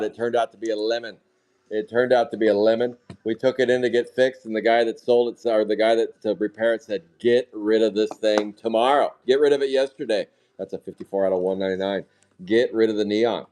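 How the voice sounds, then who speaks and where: A man's voice: mid-range voice, a little mellow. A man hosting a live card break, chatting casually and telling rambling jokes between pulls. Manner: joking, rambling storyteller.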